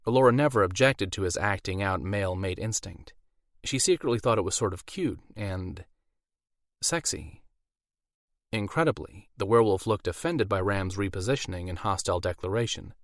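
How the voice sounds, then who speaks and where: A man narrating a fantasy audiobook in a measured storytelling manner, on a close studio mic. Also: lowish voice, no room sound. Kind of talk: scripted narration.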